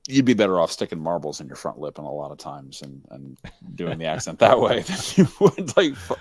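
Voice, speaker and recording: A man's voice: sits low, very animated, brisk, a little mellow, husky, no echo, clean studio sound. A man with a Texan accent chatting casually on a call, rambling and laughing often. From Texas. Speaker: game developer and host.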